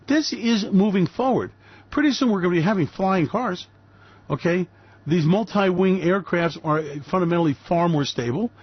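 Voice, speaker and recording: A man's voice: sits high, expressive, moderate pace, breathy edge, no echo, lo-fi sound. An older man from New York City, hosting a radio show with emphatic, ranting commentary full of rhetorical questions.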